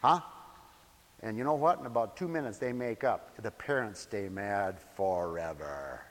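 A man preaching a sermon in a folksy way, moving between soft asides and loud, emphatic points. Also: lowish voice, measured pace, long reverb tail. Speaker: pastor.

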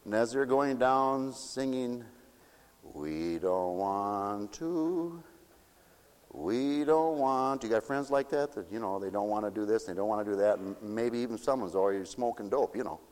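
A man pastor preaching a sermon, playful and laughing, swinging from loud to hushed. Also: fairly low pitch, fairly even intonation, brisk, hardly any pauses, in a large hall.

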